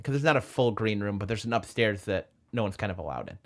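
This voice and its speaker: A man's voice: lowish voice, very animated, fast. A man in his thirties, a stand-up comedian, telling stories in casual chat and acting out the people he quotes. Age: 30s.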